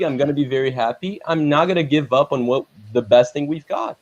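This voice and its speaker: A man's voice: medium pitch, a little fast, few pauses, muffled recording, a little hiss or hum. A man defending his football team in a heated call debate, saying "mate" often. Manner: defensive, says "mate" a lot. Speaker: football fan panelist.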